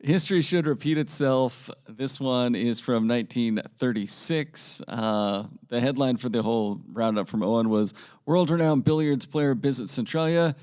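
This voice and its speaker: A man's voice: medium pitch, moderate pace, hardly any pauses, darkish tone, smooth. Man, podcast co-host, mid-range voice, wry, reading old stories, casual banter. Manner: wry, dry humor.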